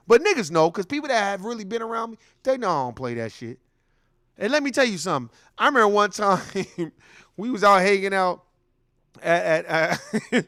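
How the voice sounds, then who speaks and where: A man's voice: sits high, a bit bright, no room sound, studio quality. A man hosting a commentary show, ranting bluntly and heatedly, telling stories with acted-out quotes. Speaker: host.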